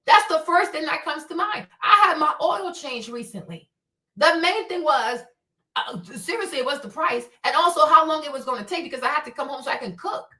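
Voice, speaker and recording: A woman's voice: high-pitched, lively intonation, brisk, pushed and bright. A woman hosting a livestream, ranting in heated, profane, emphatic commentary. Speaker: livestream host. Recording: echoey room, distant mic.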